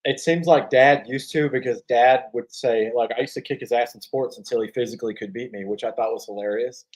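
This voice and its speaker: Profane, animated male sports podcast co-host. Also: mid-range voice, a little fast, rough recording. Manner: profane, animated storyteller with bursts of laughter. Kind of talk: casual sports chat.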